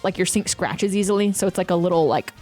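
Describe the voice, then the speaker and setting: A woman's voice: lowish voice, fast, soft background music. A woman in her thirties, a streamer, telling a story in casual chat with frequent swearing. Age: 30s. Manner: ranting, profane, animated storytelling.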